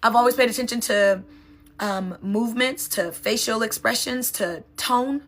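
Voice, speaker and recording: A woman's voice: a little high, normal speed. A woman NLP coach and sound healer giving an emphatic, conversational motivational talk, often checking in with "right?".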